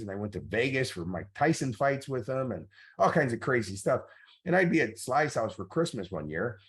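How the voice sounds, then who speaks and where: A middle-aged man, a motivational coach, tells stories in a master class talk, with many fillers along the way. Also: mid-range voice. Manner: anecdotal storytelling with many fillers.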